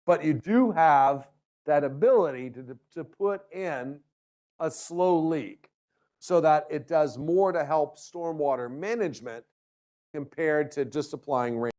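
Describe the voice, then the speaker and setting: A man's voice: fairly high pitch, measured pace, a little mellow. A male university lecturer giving a classroom lecture, tossing out rhetorical questions and light joking asides to his students. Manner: checks in with frequent rhetorical questions.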